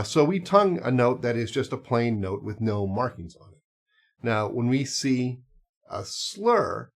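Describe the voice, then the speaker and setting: A man teaching clarinet, talking casually and explaining step by step with small asides and fillers. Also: mid-range voice. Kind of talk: casual instructional talk.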